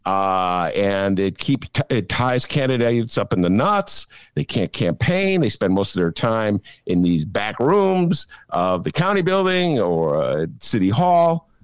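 A man's voice: mid-range voice, no echo. A man from Chicago hosting a podcast, talking in a rambling, opinionated way with lots of fillers. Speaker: podcast host. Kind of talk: casual political chat.

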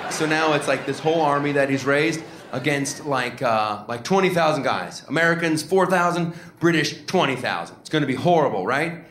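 A man who is a comedian and podcast host, telling a rambling, animated comic story and then interviewing a guest. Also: a little high, normal speed. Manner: rambling, animated, self-mocking. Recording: echoey room with audience noise. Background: audience laughter.

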